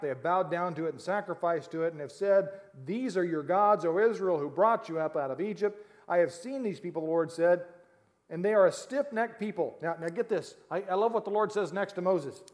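A male pastor preaching a sermon, reading scripture aloud and breaking off into animated, laughing asides to the congregation. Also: a little high. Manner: animated, jokey asides with laughs, reads scripture then explains.

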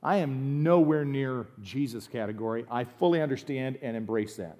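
A man's voice: medium pitch, normal speed, mellow. A middle-aged man from the United States, preaching a sermon as a pastor in a conversational way that swings into emphatic bursts.

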